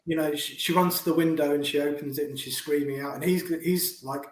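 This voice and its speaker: A man's voice: on the high side, steady tone, fairly quick. Man retelling a film in an echoey room. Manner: retells scenes, says "you know" a lot. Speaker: podcast co-host. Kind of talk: casual movie chat.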